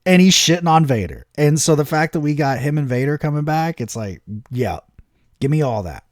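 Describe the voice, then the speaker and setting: Brief: young adult man, podcast co-host, lively swooping delivery, profane storyteller, dry close sound. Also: a little high, fairly quick, no room sound. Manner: animated, profane storytelling with voices. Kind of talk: casual chat.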